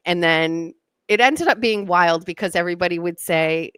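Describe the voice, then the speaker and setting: A woman's voice: on the low side, normal speed, a bit bright, clean tone, no room sound. A woman hosting a talk show, chatting in a rambling, self-deprecating way. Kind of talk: casual monologue.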